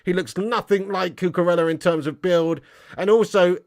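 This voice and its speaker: A man's voice: high voice, normal speed. A man hosting a football livestream, reading out super chats with mocking banter full of "mate" and "lad". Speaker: football channel livestream host.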